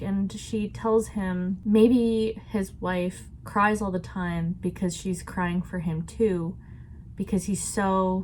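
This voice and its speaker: A woman talks through a book she is reading in a casual vlog. She sounds chatty and reflective, and her voice sits at an ordinary middle pitch. A faint hiss of background noise runs under her voice. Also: darkish tone. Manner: chatty and reflective, laughs often. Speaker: book vlogger.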